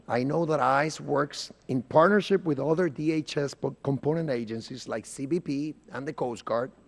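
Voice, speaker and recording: A man from Puerto Rico with a slightly raised pitch delivers a prepared statement at a congressional hearing. He moves through facts, dates and statistics in measured order and stresses the words he wants noticed. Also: creaky. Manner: deliberate, emphatic, lists facts and figures. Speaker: congressman questioning a witness. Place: committee hearing room.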